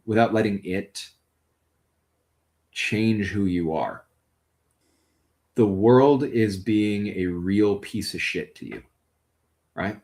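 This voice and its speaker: A man's voice: fairly low pitch, a little mellow, voice pushed down. A man voicing a caring, blunt partner in a tabletop game, speaking earnestly and swearing often. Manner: earnest, blunt and profane, tender. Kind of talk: tabletop role-play in character.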